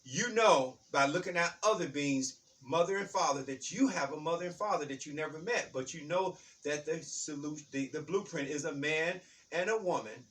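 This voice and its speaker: Fired-up preachy man, high and bright. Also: lively intonation, normal speed, hardly any pauses, distant mic. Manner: fired up, preachy, shouts for emphasis; repeats key lines. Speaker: motivational speaker. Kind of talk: impassioned spiritual talk.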